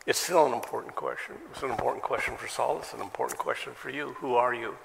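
A man's voice: mid-range voice, fairly even intonation, fast talker, creaky, long reverb tail, noisy background. A male pastor preaching a sermon in a conversational way, asking many questions and adding self-deprecating asides. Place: church sanctuary.

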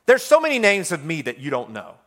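Middle-aged preacher guy, high-ish voice, chatty, lots of like and you know, gets loud then drops way quiet. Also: a little fast. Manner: animated, swings between loud and hushed; conversational, full of fillers. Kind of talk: sermon.

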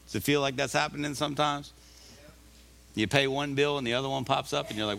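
Man, pastor, sermon, emphatic exhortations, slow scripture reading, tense forceful tone. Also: mid-range voice, steady tone, vocal fry. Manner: emphatic preaching with repeated exhortations; reads scripture aloud slowly.

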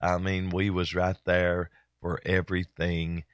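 Folksy older man, very deep. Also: completely flat delivery, no room sound. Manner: folksy, rambling with many pauses and fillers. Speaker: church broadcast host. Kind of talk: casual chat.

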